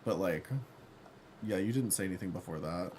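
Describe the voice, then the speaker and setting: A man's voice: sits low, moderate pace, a little hiss or hum. A man livestreaming a game, chatting casually and playfully with his chat and laughing often. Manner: campy, playful, reads chat aloud; laughs often, yells when excited.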